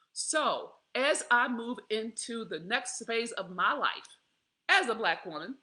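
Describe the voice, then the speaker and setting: A woman, telling a candid personal story to her viewers in a profane, animated way, laughing often. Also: fairly high pitch. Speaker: vlogger.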